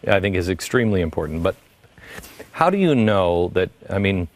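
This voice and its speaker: A man hosting a radio interview, earnest and halting, stopping and restarting his sentences. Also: sits low, very animated. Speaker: talk show host.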